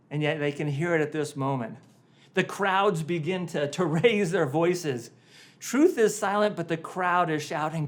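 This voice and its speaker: With a fairly high voice at a moderate pace, a male pastor tells a story dramatically during a sermon, climbing to loud emphasis before sinking into hushed tones and repeating words to underline his point.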